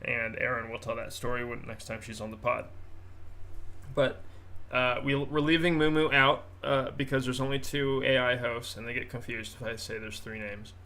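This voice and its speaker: A man's voice: medium pitch, little pitch movement, normal speed, sharp tone. A man hosting a podcast in casual chat, rambling and poking fun at himself. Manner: rambling, self-mocking, laughs at own jokes. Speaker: podcast host.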